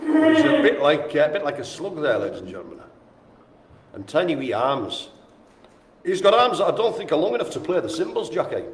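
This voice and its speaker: A man hosting a live-streamed bingo game, jokey and chatty, calling out names and often addressing the audience as ladies and gentlemen. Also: fairly high pitch, wildly swooping pitch, fairly quick, a little hiss or hum. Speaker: bingo host. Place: indoor room at a care home. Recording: roomy with faint ambience.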